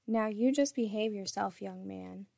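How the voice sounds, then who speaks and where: A woman's voice: medium pitch, a little slow, creaky, warm tone, no room sound. A woman voicing a playful, eager adult woman lover in an erotic story reading, with a teasing, breathless manner.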